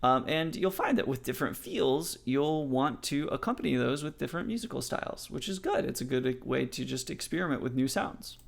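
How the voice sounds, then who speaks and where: Lively gravelly-voiced man teaching music theory. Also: medium pitch, fairly quick, few pauses. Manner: explains in a friendly way, counts beats aloud. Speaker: songwriting teacher.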